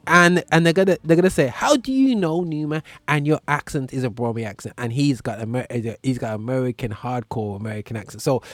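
A man's voice: mid-range voice, quick pace, few pauses, fairly bright tone, no echo. Laughing Brummie man hosting a chat. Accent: Birmingham English. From Birmingham, England. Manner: laughs often, rambling, slangy. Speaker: show host. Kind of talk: casual interview chat.

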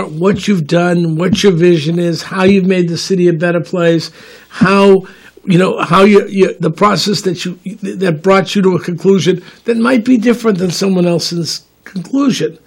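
High-voiced older man discussing politics. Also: vocal fry. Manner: rambling, repeats words, tells anecdotes. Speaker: political commentator.

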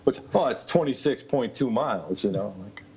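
An interview guest with a mid-range, expressive voice that is a little mellow and slightly rough tells a long personal story at a brisk clip. He rambles easily, laughs often, and fills his talk with ums and you-knows, all on a muffled, lo-fi recording.

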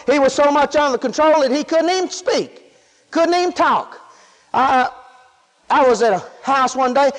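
A man's voice: very high voice, fairly bright tone, in a large hall, poor audio. A male preacher delivering a folksy, emphatic sermon, often asking the congregation questions.

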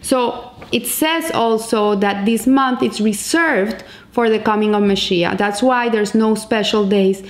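A woman's voice: fairly high pitch, measured pace, echoey room. A woman giving a spoken teaching in an explanatory, storytelling manner, often restarting her phrases. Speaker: Jewish teacher. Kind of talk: spoken teaching on the Hebrew calendar.

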